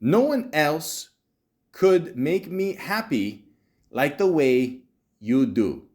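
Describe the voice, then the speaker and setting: A man voicing an adult woman online scammer with an exaggerated put-on accent, reading her words slowly and haltingly. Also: on the high side, sing-song, a little mellow, voice pushed up. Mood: mocking.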